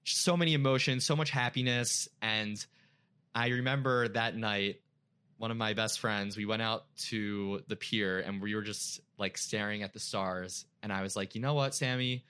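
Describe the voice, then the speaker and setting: A man's voice: on the low side, little pitch movement, normal speed, pushed and bright, smooth. A young man, a podcast guest, telling an emotional personal story in casual chat, full of filler words.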